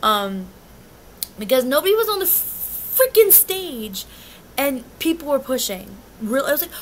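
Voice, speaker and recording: A woman's voice: high voice, big pitch swings, measured pace, a little hiss or hum. A young woman telling a concert story in a casual vlog, agitated and rambling, often restarting and swearing. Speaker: concert fan recounting an experience.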